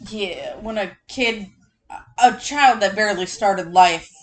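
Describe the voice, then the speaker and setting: A woman's voice: medium pitch, slow pace, faint music behind, low-quality recording. A woman and parent in casual chat, outspoken and profane.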